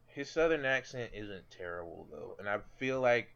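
Male podcast co-host, lowish and bright, loose and profane, on a dull lo-fi mic. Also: animated, moderate pace, gravelly. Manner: loose, swearing, self-correcting. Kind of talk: casual chat.

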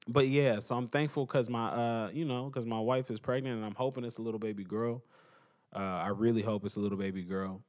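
A young man hosting a podcast, telling stories in a loose, rambling way with slang, joking and laughing, then going soft when things turn emotional. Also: mid-range voice, a little fast. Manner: animated, laughs and jokes between soft emotional stretches. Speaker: podcast host. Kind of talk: casual monologue. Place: at home.

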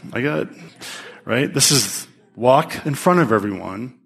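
A man preaching a sermon to a live congregation, speaking in an animated, emphatic way with frequent restarts. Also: medium pitch, takes it slowly, gravelly, husky. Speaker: pastor teaching.

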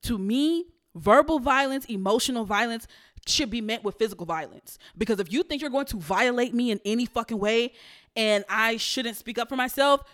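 A young adult woman hosting her own podcast, telling stories of work in a blunt, profane, animated way. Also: fairly high pitch, moderate pace, dry recording, studio quality. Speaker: podcast host. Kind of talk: casual storytelling rant.

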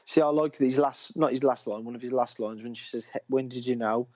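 A man's voice: mid-range voice, steady tone, brisk, a little mellow. Rambling man chatting on a film podcast. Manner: rambling, enthusiastic, self-interrupting. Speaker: podcast co-host. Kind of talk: casual chat. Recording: dull lo-fi recording.

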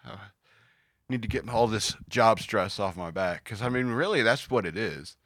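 A podcast host rambles through casual banter, joking about news stories and putting on silly voices. His expressive voice runs on the low side with a fairly bright tone at a moderate pace, captured in a clean, dry studio recording.

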